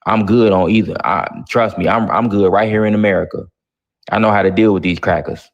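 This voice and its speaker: A man's voice: on the low side, fairly even intonation, a little fast, highs cut off. A man hosting a live online talk show, brash and profane, mocking his callers. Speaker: host.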